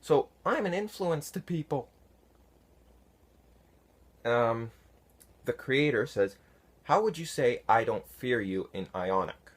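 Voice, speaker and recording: A man casually answering viewer comments, unhurried and halting, with many fillers. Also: mid-range voice, lively intonation. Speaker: fan conlang vlogger answering comments. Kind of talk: casual talk to camera.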